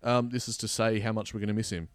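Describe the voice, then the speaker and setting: An Australian man chatting on a football podcast, his voice smooth and resonant and the sound close and dry. He spins a story with animated, mock-outraged flair, rising into sharp exasperation. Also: fairly low pitch, fast, no echo. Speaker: podcast co-host. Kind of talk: casual footy podcast chat.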